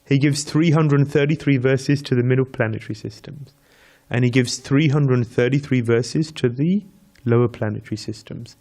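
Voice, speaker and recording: A man's voice: medium pitch, moderate pace, few pauses, warm tone. A man giving a devotional scripture class, telling a story with repeated counting and chanting Sanskrit verses, laughing lightly with his listeners. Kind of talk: devotional lecture.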